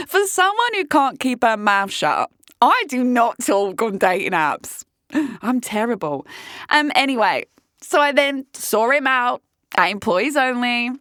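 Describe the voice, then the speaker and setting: A woman's voice: a little high, no echo, clean studio sound. Blunt, sweary woman in her thirties. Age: 30s. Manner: blunt, frequent swearing, animated storytelling. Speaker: vlogger. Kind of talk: casual storytelling monologue.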